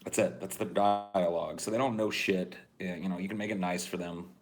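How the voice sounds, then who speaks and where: Man, podcast co-host, low voice, profane, rambling, deadpan. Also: fairly quick. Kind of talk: casual podcast chat.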